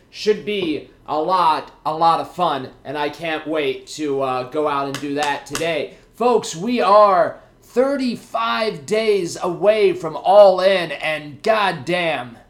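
A young man hosting a casual podcast to camera, energetic and jokey as he chats with his viewers. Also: high voice. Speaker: podcast host. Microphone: camera mic.

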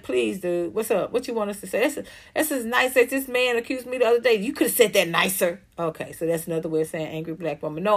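A woman hosting a livestream in a casual commentary style. She reads viewer comments aloud and answers them bluntly and emphatically, with plenty of profanity. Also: on the low side. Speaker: livestream host reading chat comments.

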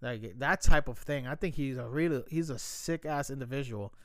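A man's voice: medium pitch, moderate pace, no room sound, clean studio sound. A man in his thirties ranting in casual talk, blunt, heated and full of swearing. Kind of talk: casual opinion rant.

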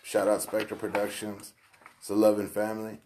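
A man's voice: fairly low pitch, monotone, moderate pace, a little mellow, slight background noise. A man in casual chat, laid-back and loose, swearing freely and filling his talk with "you know" and "like".

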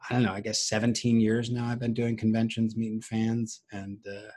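Animated middle-aged male voice actor. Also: lowish voice, brisk. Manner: animated, acts out quoted voices. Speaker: voice actor guest. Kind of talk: casual storytelling.

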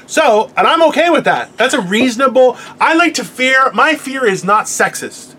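A man's voice: very high voice, big pitch swings, moderate pace, bright, forceful tone, husky. Crude, self-mocking man telling stories. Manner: acts out quoted voices. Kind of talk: casual comedic chat.

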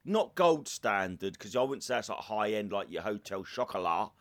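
Bloke podcast host, crude jokey rambling, gravelly tone. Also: male voice, lowish voice, big pitch swings, normal speed, a bit bright. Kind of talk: casual chat.

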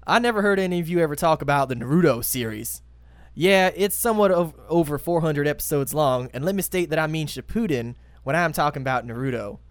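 A man's voice: fairly high pitch, lively intonation, brisk, no room sound, close to an everyday voice. A man putting on an exaggerated Texas accent to read a listener's letter on a podcast. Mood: hammy. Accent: put-on Texas accent. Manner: exaggerated, laughing through the reading. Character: man in a hammy cowboy Texas drawl. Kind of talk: reading a listener letter in a put-on voice.

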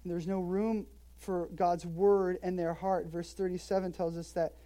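A woman's voice: on the low side, a little slow. A woman preaching an expository sermon in a church, talking conversationally and emphatically, with joking asides. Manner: emphatic, lively delivery. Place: church in Hawaii.

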